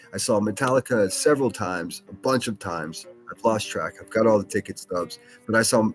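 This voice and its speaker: A man hosting a solo podcast, rambling casually with lots of swearing, fillers and restarts. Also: lowish voice. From Pittsburgh, USA.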